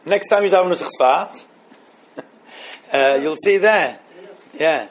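High-voiced man teaching a class. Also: slow pace, a little hiss or hum. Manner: thinking aloud, repeating phrases, mixing Hebrew terms. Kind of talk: halacha class with questions from students.

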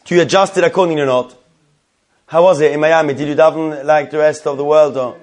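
Steady in tone and fast in pace, this fairly high-pitched Torah class teacher runs a Jewish law lesson in Talmudic style. He poses questions out loud and thinks his way to answers, filling the gaps with plenty of fillers.

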